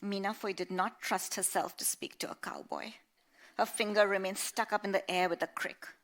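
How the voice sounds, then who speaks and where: A woman author reading her own novel aloud in a measured, expressive way. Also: mid-range voice.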